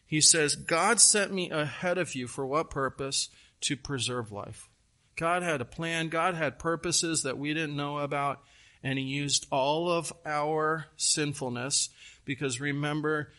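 Pastor guy preaching slow and deliberate, kinda high bright voice, gets animated retelling the story. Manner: earnest, animated storytelling with repeated phrases. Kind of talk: sermon.

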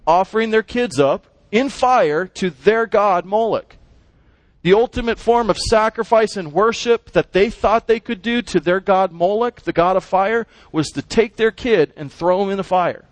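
A man with a high, bright-sounding voice teaches a Bible lesson to his class. He is animated and keeps asking his listeners questions as he explains the text. The recording is dry and close, with no room sound. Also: normal speed, dry recording.

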